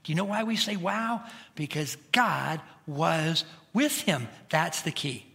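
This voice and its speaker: A middle-aged male pastor preaching a conversational sermon to a church, dropping to a hush and then rising to shouts. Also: on the high side, expressive, takes it slowly, vocal fry. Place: church sanctuary.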